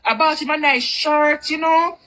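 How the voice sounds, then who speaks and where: A woman's voice: high-pitched, fairly even intonation, measured pace, sharp tone, rough recording. A woman telling a personal story in a candid, rambling, chatty way. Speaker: vlogger. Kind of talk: storytime monologue.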